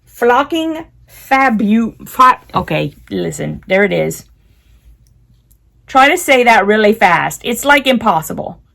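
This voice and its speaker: A woman's voice: on the high side, creaky. A woman chatting casually while unboxing, giggling often and talking to her cat. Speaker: unboxing vlogger.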